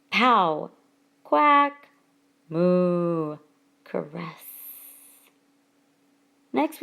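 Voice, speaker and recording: A woman teacher talks through a whiteboard lesson at a careful, deliberate pace, drawing out the example words for her students. Her voice sits in a middle pitch with a gravelly, fry-tinged texture. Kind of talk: recorded classroom lesson. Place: voice-over for whiteboard slides.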